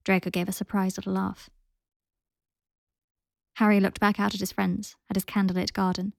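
A woman hosting a podcast, reading a story aloud in a gentle, even storytelling manner. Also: medium pitch, moderate pace, vocal fry, dry recording, clean studio sound. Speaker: podcast host and reader.

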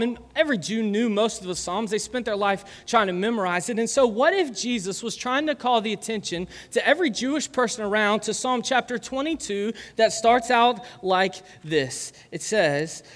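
High-voiced pastor man in an echoing hall. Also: expressive, moderate pace, hardly any pauses. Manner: conversational, asks the crowd questions, laughs often. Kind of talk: sermon. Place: church hall.

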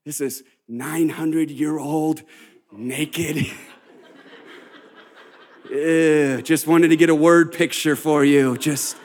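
An American man preaching a sermon to a congregation, building to shouted exhortations and calling for responses. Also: a little high, slow pace. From United States. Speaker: pastor. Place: church before a live congregation.

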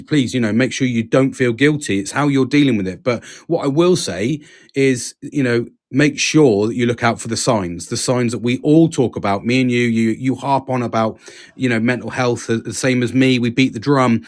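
A man hosts a casual podcast chat. He speaks earnestly at a middle pitch, restarting his sentences often and dropping in casual swearing. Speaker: podcast host.

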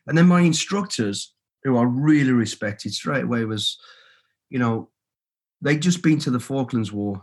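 Middle-aged Brummie man, husky, blunt storyteller who swears freely; podcast guest. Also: medium pitch, normal speed. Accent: Birmingham. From England. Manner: blunt and swearing freely, telling stories with quoted inner thoughts. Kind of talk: candid podcast interview.

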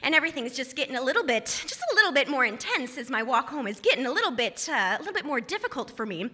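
A woman telling a funny personal story on stage in an animated, self-mocking way. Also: high voice, fast talker, husky. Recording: reverberant hall.

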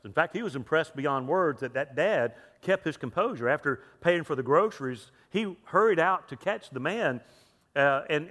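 Male pastor, fairly high voice, chatty sermon in a big echoey church. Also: fairly bright tone. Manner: chatty, repeats words, asks the crowd questions. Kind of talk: sermon with jokes and a story. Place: church sanctuary. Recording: long reverb of a large hall.

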